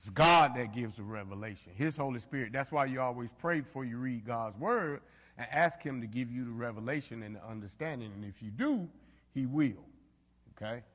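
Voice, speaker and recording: A man's voice: medium pitch, brisk, fairly bright tone. Man teaching Bible study in an echoey hall. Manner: conversational, frequent fillers, addresses the group directly. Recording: reverberant hall.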